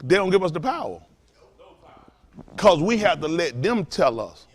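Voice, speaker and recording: A male pastor preaches to his congregation using call-and-response, firing off rhetorical questions and moving between loud emphasis and hushed lines. His voice sits fairly high with a sing-song quality, and he keeps a measured pace.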